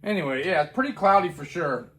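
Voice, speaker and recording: A man's voice: a little high, expressive, fast talker, a bit bright, a little hiss or hum. A man casually reviewing his own homebrew beer, rambling and correcting himself as he talks. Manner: rambling, self-correcting, chatty.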